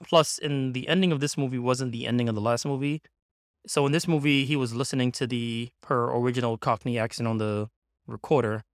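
A man in a casual film discussion, explaining his view at length in a measured, analytical way. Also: medium pitch, fairly even intonation, no echo, clean studio sound.

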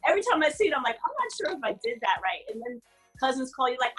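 A woman in her forties chats as an interview guest, her voice slightly husky and set a little high. She tells her stories with lively asides and frequent laughter. Faint music plays beneath the conversation. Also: fast. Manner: laughs often, animated storytelling. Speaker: guest actress. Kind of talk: casual interview chat.

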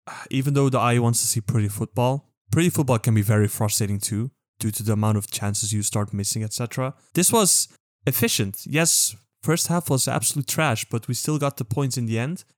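A man's voice: mid-range voice, brisk, dry recording, studio quality. A man co-hosting a casual football podcast, explaining his views at length in an analytical way. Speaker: podcast co-host.

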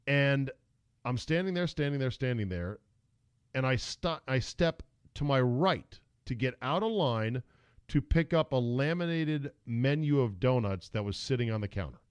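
Animated man telling a story on a podcast. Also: mid-range voice, normal speed, clear, resonant tone, no echo. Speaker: podcast host. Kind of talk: casual chat.

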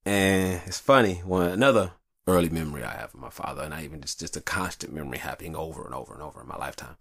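A man's voice: a bass voice, very fast, vocal fry, no echo, clean studio sound. A man hosting a show, talking in a rambling, profane, confessional way from a hot upstairs room. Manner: profane, rambling, animated storyteller. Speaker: show host. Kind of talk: casual confessional monologue.

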